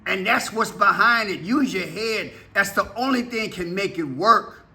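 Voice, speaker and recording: Fiery preaching man, sharp voice. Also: high voice, expressive, unhurried. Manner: impassioned, urgent, repetitive rhetorical questions. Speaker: preacher vlogger. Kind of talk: fervent preaching monologue.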